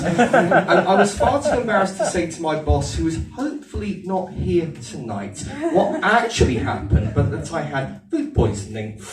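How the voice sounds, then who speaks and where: Chatty Aldershot comic over audience laughter. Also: male voice, a little high. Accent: Aldershot English. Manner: chatty, self-mocking, teases the audience. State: getting over a heavy cold. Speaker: stand-up comedian. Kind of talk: stand-up comedy set. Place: comedy venue with a live audience. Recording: echoey room, distant mic, audience laughter.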